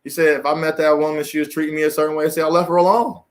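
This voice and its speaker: A man, delivering a preachy, emphatic solo monologue as a commentary host, often climbing high in exasperation and repeating phrases. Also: little pitch movement, racing. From United States.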